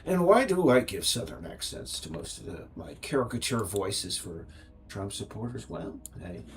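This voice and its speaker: A man's voice: lowish voice, big pitch swings, normal speed, faint music behind. An American man, a game developer, rambling and ranting on a casual livestream, with frequent restarts.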